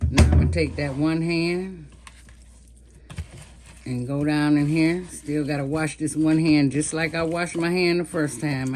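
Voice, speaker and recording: In this laid-back cooking vlog, a woman past fifty talks to viewers as she seasons and fries chicken. She speaks in a low-pitched, darkish voice, and there's a little hiss or hum in the recording.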